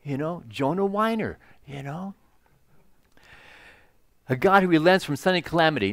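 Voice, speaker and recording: A man retells a scripture story as a relaxed, humorous sermon. He sprinkles in asides and jokes. His voice sits a little high, and the recording is close and dry with no room echo. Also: moderate pace, pauses often. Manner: joking, conversational, many "you know" asides. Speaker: pastor.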